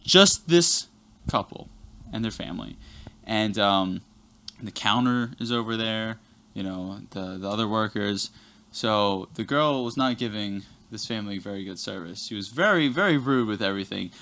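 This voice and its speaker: A young man on the low side, with a sharp tone, speaks animatedly at a moderate pace as a podcast guest. In a casual chat, he tells a rambling workplace story, swearing constantly.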